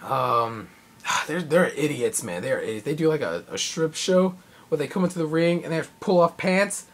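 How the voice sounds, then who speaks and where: A young man talks through a live event he went to in a loose, rambling way. He gets excitable, stacks up fillers and slips into acted-out quotes as he goes. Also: fairly high pitch, moderate pace. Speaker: vlogger. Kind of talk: casual recap of a live event.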